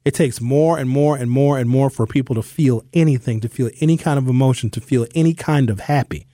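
A man's voice: medium pitch, fairly quick, mellow, dry recording. Opinionated man hosting talk radio, dry sound. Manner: opinionated, conversational, shifting pace for emphasis.

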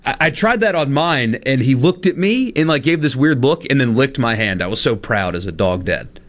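A man's voice: mid-range voice, lively intonation, normal speed. A man in his thirties co-hosting a radio show, chatting casually and laughing at himself. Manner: chatty, self-deprecating, laughs often.

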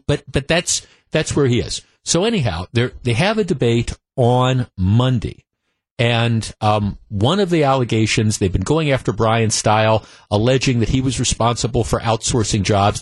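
A man's voice: medium pitch, a little mellow, no room sound. A man hosting a political talk radio show, opinionated and emphatic, often repeating himself as he builds his case. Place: radio studio.

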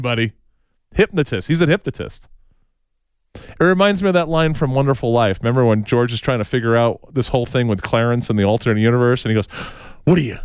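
A talk-show co-host with a fairly high, smooth voice tells rambling, opinionated stories, recorded with no room sound. He tags sentences with "right?", restarts often, and slips into impressions of the people he quotes.

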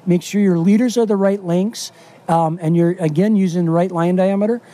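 A middle-aged man from Wisconsin talks as a fishing guide in a casual radio interview. His voice sits high but sounds mellow and warm. He is folksy and eager, with plenty of fillers. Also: fairly even intonation, moderate pace. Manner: enthusiastic, folksy, lots of fillers.

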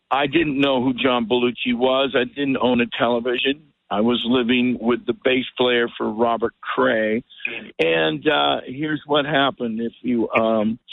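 A man's voice: mid-range voice, creaky, no echo. An older man, a musician guest, telling a rambling story over the phone and acting out what people said. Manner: rambling, animated storyteller who acts out quotes. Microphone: telephone. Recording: tinny phone line, dry.

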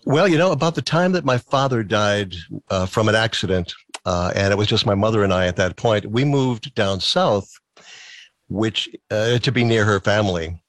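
A talkative man with a low voice tells anecdotes in a relaxed interview. He is from Massachusetts, but his accent now sounds close to Midwestern. The recording is very dry, close to the mic. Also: moderate pace, dry recording. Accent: neutral American, Midwestern-sounding. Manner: chatty, storytelling, laughs often. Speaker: radio guest. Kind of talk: casual interview chat.

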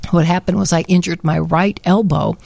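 A woman co-hosting a radio talk show, with a lowish voice that is dry and close to the mic. She tells her story in lively, animated casual chat. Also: moderate pace, gravelly, no room sound. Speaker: radio co-host.

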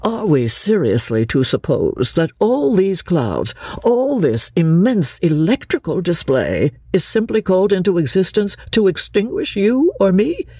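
A reader voicing a pompous male chaplain who lectures slowly and solemnly. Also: medium pitch, big pitch swings, mellow, breathy edge, dry recording, studio quality, pitched above the performer's own voice, heavily acted. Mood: lecturing. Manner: slow, lecturing delivery.

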